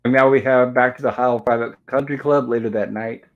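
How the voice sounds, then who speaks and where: A man's voice: mid-range voice, fairly even intonation, fairly quick, lo-fi sound. Chuckling man rambling through an episode recap. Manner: rambling, chuckling, leans on "and of course". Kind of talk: casual episode review chat. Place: home.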